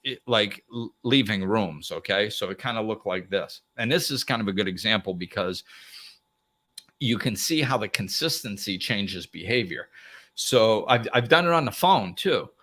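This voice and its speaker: A man's voice: fairly low pitch, moderate pace. A man hosting a live motivational talk, speaking plainly and acting out little dialogues. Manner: animated, acts out little dialogues, plain-spoken. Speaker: host.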